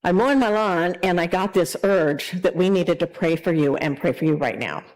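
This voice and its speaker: Woman doing a calm, earnest churchgoing man. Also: on the low side, normal speed, close to an everyday voice, rough recording. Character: calm churchgoing man recalling a prayer call.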